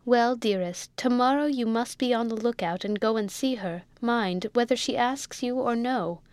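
A woman doing a sharp, scheming young wife. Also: fairly high pitch, normal speed, dry recording, natural voice. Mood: coaxing. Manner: sharp, commanding.

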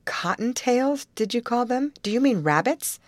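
A curious teenage girl asks puzzled questions, voiced by a woman. Her pitch rises high and lively against a dry, close recording. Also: normal speed, dry recording, natural voice. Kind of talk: audiobook character reading.

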